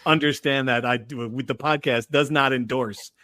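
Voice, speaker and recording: A man's voice: mid-range voice, fairly even intonation, moderate pace, bright, forceful tone, dry recording. A man hosts a casual sports podcast in a mid-range voice. His talk is joking and teasing, poking fun at his co-hosts. The recording is dry and close, with no room sound. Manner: joking, teasing, self-described hotel snob. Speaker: podcast host.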